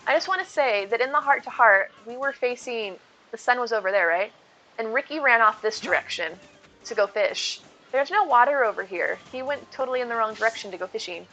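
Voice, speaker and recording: Brief: chatty woman game streamer, bright, a bit high, casual and lively. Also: fairly quick, rough recording. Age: adult. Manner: chatty, reads chat aloud, lively. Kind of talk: casual chat while gaming.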